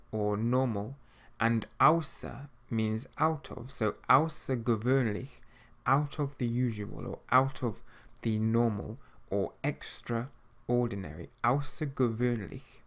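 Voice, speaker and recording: A man teaching an audio language lesson, patiently repeating each word slowly so learners can practice. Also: mid-range voice.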